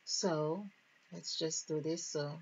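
A woman teaching a spiritual numerology lesson, thinking aloud in a deliberate, musing way as she counts out numbers. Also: low-pitched, steady tone, very noisy. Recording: dull lo-fi recording.

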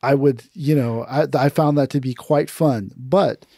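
Recorded in a clean, echo-free studio, a man who teaches aikido speaks at medium pitch and a measured pace. He shares stories conversationally on a podcast and animates the voices of those he quotes.

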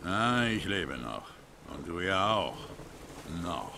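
A man voicing a gruff, threatening male commander in a dubbed game cutscene. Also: low voice, big pitch swings, takes it slowly, full character voice. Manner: bossy and threatening. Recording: noisy game audio.

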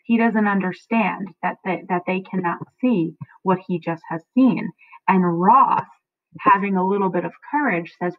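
A woman with a lowish voice explains a play to her students at an unhurried pace, often checking in with a questioning "okay?". The sound is dry and tinny, like a phone, with no echo.

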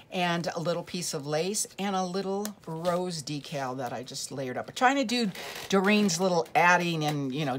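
Low-voiced lady chatting through her craft project, rambly, lots of ums. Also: a little hiss or hum. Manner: chatty, rambling, many fillers and restarts. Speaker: craft vlogger. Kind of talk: casual show-and-tell craft tutorial.

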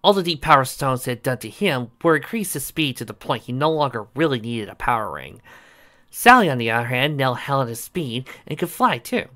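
A man narrating a fan-made story, reading aloud with animated delivery. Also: mid-range voice, moderate pace.

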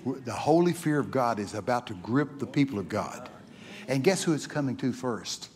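Folksy preacher man, excitable storytelling. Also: mid-range voice, moderate pace. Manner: folksy, repetitive, rising to excited exclamations. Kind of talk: sermon with storytelling. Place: church.

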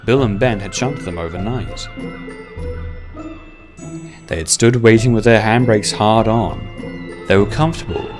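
A man narrating a children's-style railway story in a measured storytelling voice. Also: fairly low pitch. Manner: measured, voices all the characters. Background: background music.

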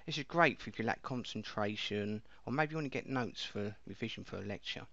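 A man casually walking viewers through a piece of software step by step, in a chatty explaining way. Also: lowish voice, fairly quick, gravelly, dry recording. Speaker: software reviewer. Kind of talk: casual screen-recording walkthrough. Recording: dull lo-fi dry mic.

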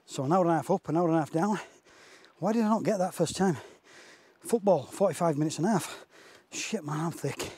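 A man's voice: fairly high pitch, brisk, a little mellow, slightly rough, no room sound. A man vlogging outdoors on a hike, a bit out of breath, chatty and self-mocking, talking into a clip-on mic. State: out of breath from hiking. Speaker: landscape photographer vlogger. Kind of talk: casual outdoor vlog. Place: outdoors on a windy hill. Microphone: wireless clip-on mic.

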